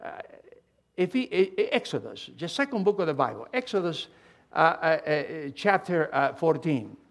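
A man preaching a sermon, emphatic and animated, swinging between loud and hushed delivery with halting restarts. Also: on the high side. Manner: halting restarts and repeated words.

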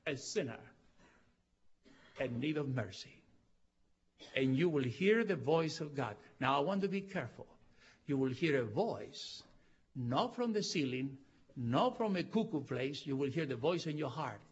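A man pastor preaching a sermon, impassioned, with non-native phrasing, rising to loud cries. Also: mid-range voice, animated, unhurried, husky, muffled recording. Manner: impassioned, swelling to loud cries on key lines. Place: church auditorium.

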